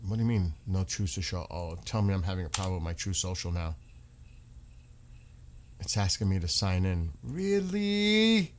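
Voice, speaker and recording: A man's voice: deep voice, very animated, moderate pace, slight background noise. A man reacting to news on a live stream, exclaiming in disbelief and swearing now and then.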